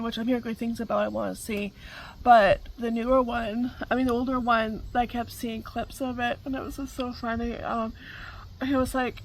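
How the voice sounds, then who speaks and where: A woman's voice: on the high side, a little hiss or hum, low-quality recording. A middle-aged woman, hosting a casual chat, rambling with many fillers and frequent laughter. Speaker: vlog host.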